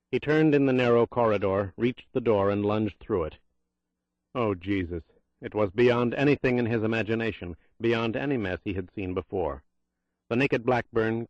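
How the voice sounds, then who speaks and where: A man narrating a thriller audiobook in a tense, measured reading. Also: fairly low pitch, a little mellow, dry recording, muffled recording.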